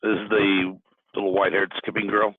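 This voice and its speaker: A man playing a tabletop game, giving brief, deadpan replies. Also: lowish voice, moderate pace, breathy edge, no room sound. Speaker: player. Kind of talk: casual tabletop play. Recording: tinny phone-like line.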